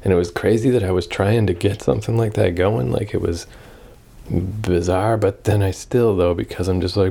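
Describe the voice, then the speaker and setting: A young man talks to his camera in a loose, rambling way, thinking aloud and swearing freely. His voice sits low and has a husky, slightly rough grain. The tone is dark and mellow. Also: a little fast. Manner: rambling, self-reflective, swears often. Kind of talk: casual personal vlog monologue.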